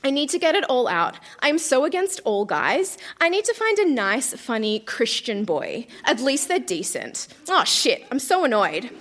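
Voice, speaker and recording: High, animated woman reading her old diary. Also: normal speed, hardly any pauses. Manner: melodramatic, breaking into laughter. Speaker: guest reader. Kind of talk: reading her teenage diary aloud on stage. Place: live theatre stage.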